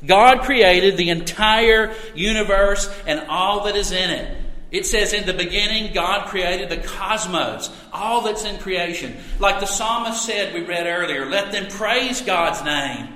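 Pastor, male, middle-aged, earnest emphatic sermon delivery, slightly high, bright tone, reverberant church sanctuary. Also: unhurried. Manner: earnest, emphatic preaching with rising and falling volume. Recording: echoey hall reverb.

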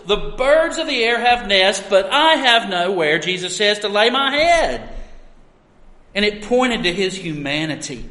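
A man delivers a sermon with earnest emphasis and pointed rhetorical questions. His voice sits high and bright. It rings through a roomy church with a long, lingering reverb. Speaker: preacher. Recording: echoey hall with long reverb.

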